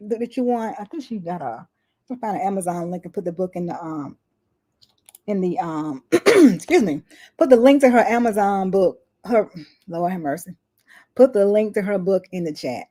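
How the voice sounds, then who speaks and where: A woman hosting a casual live chat, speaking in a relaxed, halting way with fillers. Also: medium pitch. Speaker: host.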